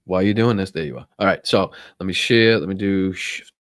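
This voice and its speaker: Boston male host, lowish voice, dry close sound, sarcastic and profane, reads headlines with asides. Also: a little fast, fairly bright tone, dry recording. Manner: profane, sarcastic, laughs at the news; reads news aloud with stumbles and asides. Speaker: political talk show host. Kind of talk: live-stream political commentary.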